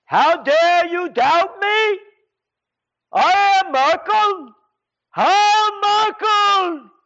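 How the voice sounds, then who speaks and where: A man puts on a shrill, scolding female leader, his voice jumped far above its usual pitch as she indignantly demands obedience. The recording is a bit muffled and lo-fi. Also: lively intonation, very slow, sharp tone, exaggerated voice.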